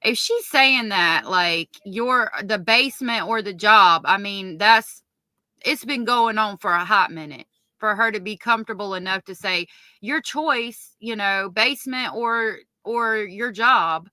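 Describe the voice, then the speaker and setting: A woman on a livestream reads evidence aloud in a low, subdued tone and then breaks off to curse. Her voice is bright and forward. The sound is close and dry, with no room around it. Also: a little slow, no echo. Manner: stops to correct herself mid-read. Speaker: true-crime commentator. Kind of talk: livestream commentary reading court evidence.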